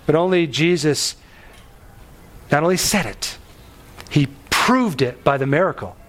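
A man preaching a sermon on a Bible passage, animated and emphatic, pushing his voice up on key phrases. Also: a little high, measured pace. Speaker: pastor.

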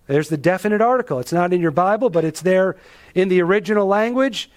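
A man preaches an expository sermon at normal speed with lively intonation. He's emphatic, poses rhetorical questions, and drops his pitch dramatically for weight.

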